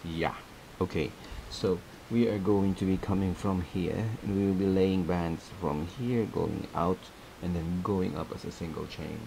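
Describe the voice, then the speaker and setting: Man, low voice, mellow tone, chatty craft tutorial, laughs often, repeats steps. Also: steady tone, a little slow, vocal fry, few pauses, slight background noise, low-quality recording. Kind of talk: casual step-by-step craft tutorial.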